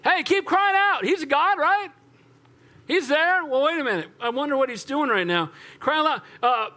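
A man's voice: lively intonation, very slow, heavily acted. A man voicing a sarcastic male prophet who mocks his rivals in a raised, teasing voice. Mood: mocking. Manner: taunting, teasing, high and loud.

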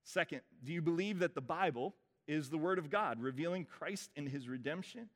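A man as pastor, leading a baptism liturgy with relaxed, informal asides between the formal vows. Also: on the high side, moderate pace. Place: church sanctuary. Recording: reverberant church hall.

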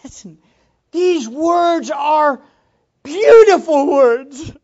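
A preacher giving an impassioned sermon, moving from quiet reflection to loud exclamations and closing in prayer. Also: mid-range voice, animated, a little slow, lo-fi sound. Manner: ends in prayer.

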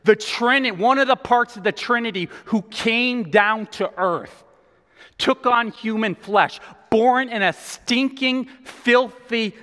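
A male pastor preaching a sermon, animated and conversational as he tells the story. His voice sits higher than most men's. A long reverb from the hall trails behind his words. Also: takes it slowly.

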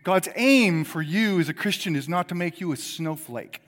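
A middle-aged man preaching a sermon in a conversational way, swinging from loud emphasis to quiet asides. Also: high voice, expressive, moderate pace, in a large hall. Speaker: pastor.

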